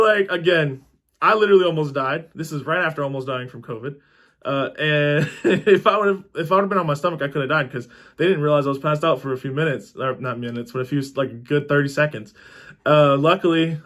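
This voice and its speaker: Swearing young man telling a story. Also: fairly high pitch. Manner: animated, swears freely, acts out quotes. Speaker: storytelling vlogger. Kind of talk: casual storytelling.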